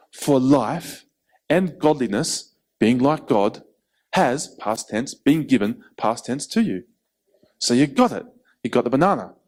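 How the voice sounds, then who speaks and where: A man preaching a sermon in an animated way, acting out quoted voices. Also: medium pitch. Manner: animated, acts out quotes, laughs between points.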